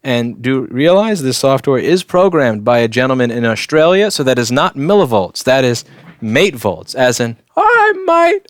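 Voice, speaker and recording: An electronics repair technician hosts a live repair stream in a medium-pitched voice with lively intonation and a moderate pace, his throat a little sore. He wisecracks and tosses off asides while working and answering chat, recorded with studio quality and no echo.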